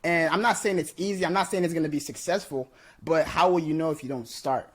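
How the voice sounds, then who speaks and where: A male podcast host speaks with emphatic, encouraging energy. His voice sits slightly high, and he keeps checking in with his guest in a relaxed, chatty way. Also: quick pace. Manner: emphatic and encouraging, often asks "you know what I'm saying". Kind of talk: casual interview chat.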